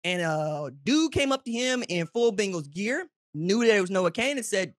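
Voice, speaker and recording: A man hosting a college football show, giving brash, teasing commentary straight to his audience and jumping high and loud when he gets excited. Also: moderate pace, hardly any pauses, dry recording, studio quality. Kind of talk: opinionated sports commentary to camera.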